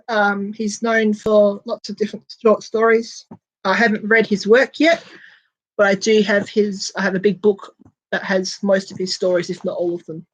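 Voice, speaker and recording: A woman's voice: a little high, rough recording. A woman hosting a casual chat with viewers, talking in crude, sweary, giggly banter. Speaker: host chatting with viewers.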